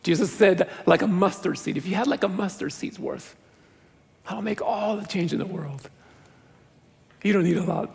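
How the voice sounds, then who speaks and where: A man's voice: high-pitched, moderate pace, creaky, pauses often, a little mellow. A middle-aged male pastor preaching a sermon in a church, earnest and conversational with self-deprecating humor. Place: large church sanctuary. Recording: long reverb of a church hall.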